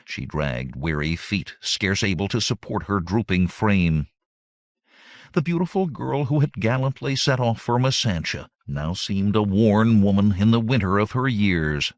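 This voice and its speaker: Deep-voiced male audiobook narrator. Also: lively intonation, unhurried, no echo, clean studio sound.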